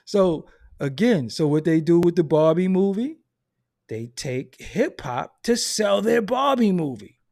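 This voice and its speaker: Guy going off on a hip hop rant, cussing a lot, voice jumps all over, kinda high. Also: a little slow. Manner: loud, profane and animated, laughing at his own points. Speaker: host of a hip hop commentary channel. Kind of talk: unfiltered ranting monologue.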